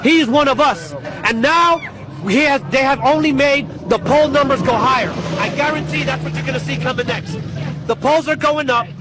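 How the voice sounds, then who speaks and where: Furious shouting man in a street crowd. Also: very high-pitched, normal speed. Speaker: protester. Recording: loud crowd and street noise.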